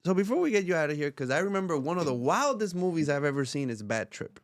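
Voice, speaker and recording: A man hosting a casual podcast interview, asking questions in a relaxed, loose way. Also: a little high, fast. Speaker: podcast host.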